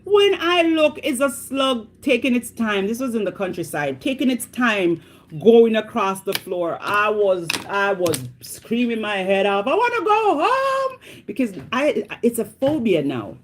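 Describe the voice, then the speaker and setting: A woman's voice: medium pitch, a little slow, a little hiss or hum. A middle-aged woman from Jamaica with a Jamaican accent, vlogging in a casual, dramatic storytelling chat. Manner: animated, dramatic, exclamatory storytelling.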